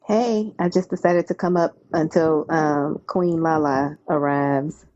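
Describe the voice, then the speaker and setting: A woman's voice: deep voice, steady tone, slow pace, darkish tone, no echo, muffled recording. An older woman and grandmother joining a live stream, chatting and teasing in an easygoing way. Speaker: co-host guest. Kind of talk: casual live stream chat.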